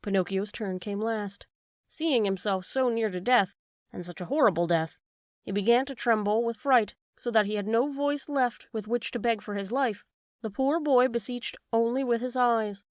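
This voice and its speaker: A woman's voice: a little high, moderate pace, no room sound. Woman reading a storybook, dry close sound. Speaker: audiobook narrator.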